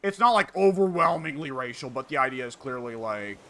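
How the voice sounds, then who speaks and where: A man in his twenties chatting casually with a friend while gaming, relaxed and quoting comedy lines. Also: mid-range voice, brisk, a crowd in the background.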